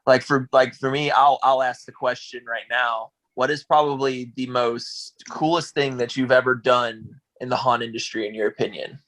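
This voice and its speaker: A man's voice: medium pitch, fairly even intonation, normal speed, hardly any pauses, fairly bright tone, low-quality recording. Man asking guests interview questions. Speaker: podcast co-host, haunt actor. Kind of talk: casual podcast interview.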